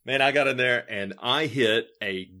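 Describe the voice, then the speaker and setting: A bright, forceful male voice carries this middle-aged podcast host as he tells a story. He keeps stumbling over his words, restarting and laughing as he goes, in a loose, casual interview style. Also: mid-range voice, moderate pace.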